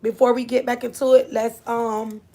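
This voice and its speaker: A woman's voice: fairly high pitch, flat delivery, moderate pace, dark tone. A woman hosting a casual livestream, rambling through a story and chatting with her viewers as she goes. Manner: rambling, repeats herself, chats with viewers. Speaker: livestream host.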